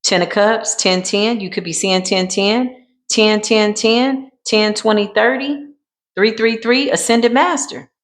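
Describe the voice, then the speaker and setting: A woman's voice: medium pitch, fairly even intonation, a little slow. Emphatic woman giving a tarot reading. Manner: emphatic, repetitive, colloquial, addresses viewers as y'all. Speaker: tarot card reader. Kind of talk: casual intuitive tarot reading.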